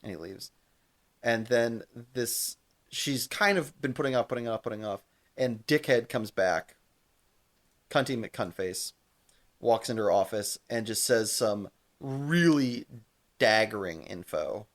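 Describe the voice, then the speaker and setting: A young man co-hosting a casual podcast, his voice sitting in an ordinary middle register. He recaps scenes with animated, laughing energy and swears freely as he talks. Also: medium pitch, unhurried. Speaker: podcast co-host. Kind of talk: casual chat.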